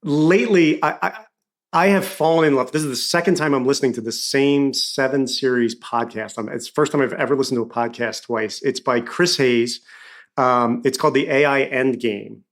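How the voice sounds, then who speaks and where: Animated Philadelphia-accented man. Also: medium pitch, moderate pace. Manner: animated storyteller, acts out quoted dialogue. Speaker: podcast guest, author. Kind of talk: casual conversation.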